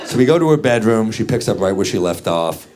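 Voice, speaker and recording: A man doing a stand-up comedy set, telling stories in a deadpan way and acting out the quotes. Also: on the low side, quick pace, noisy background. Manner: deadpan storytelling with acted quotes. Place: comedy club stage. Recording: live club set, loud crowd laughter. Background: audience laughing.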